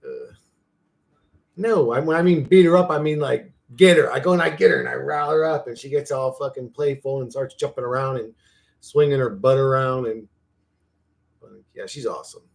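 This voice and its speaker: A man's voice: normal speed, creaky. A young man hosting a casual livestream, rambling, swearing freely, and answering his viewers' chat. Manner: rambling, profane, talks to his dog in a high playful voice. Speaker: livestream host.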